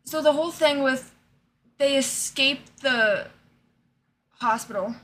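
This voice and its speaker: A woman's voice: sits high, slow, fairly bright tone. A young woman chatting casually as a podcast co-host, animatedly retelling scenes and acting them out. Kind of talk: casual chat.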